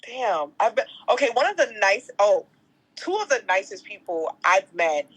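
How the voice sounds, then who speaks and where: A woman in her thirties, a guest on a podcast, telling stories in a lively, casual way and swearing now and then. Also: mid-range voice, normal speed, slightly rough, low-quality recording. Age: 30s. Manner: animated storyteller, swears casually. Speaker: guest, entertainment host.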